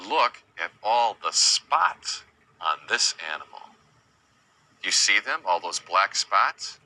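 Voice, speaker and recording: A man teaching young children about animals in a slow sing-song way, imitating animal sounds and asking them questions. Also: fairly low pitch, very animated, sharp tone, rough recording. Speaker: children's educator.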